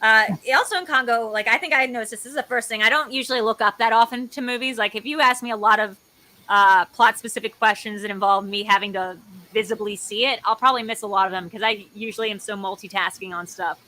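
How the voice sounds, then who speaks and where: Bright, excitable woman co-host. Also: on the high side, fast. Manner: excitable, jokey, rambling. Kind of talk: casual chat.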